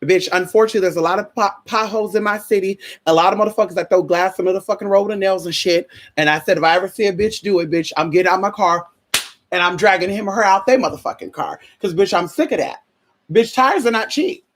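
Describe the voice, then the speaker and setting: Woman ranting through a story on her vlog, sassy, swears a lot, mid pitch. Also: fast. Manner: profane, sassy, tells a story with lots of asides. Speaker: vlogger.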